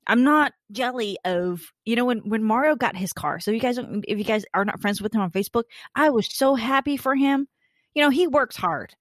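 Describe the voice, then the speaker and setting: A woman's voice: on the high side, expressive, a little fast, no room sound. Blunt woman on a dry mic. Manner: candid, emphatic, blunt. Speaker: podcast host. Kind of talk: casual chat. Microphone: studio mic.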